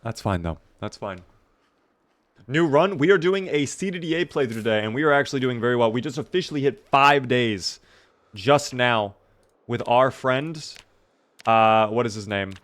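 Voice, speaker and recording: A man's voice: mid-range voice, lively intonation, normal speed, a bit bright. A tired young man streaming a survival game, chatting casually and thanking viewers by name. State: tired, yawning. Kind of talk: casual live-stream commentary.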